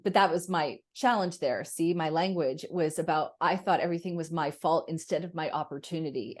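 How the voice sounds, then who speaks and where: A woman's voice: lowish voice, a little mellow. A woman hosting a podcast, chatting reflectively and asking her guest questions, with plenty of fillers. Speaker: podcast host. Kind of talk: conversational interview.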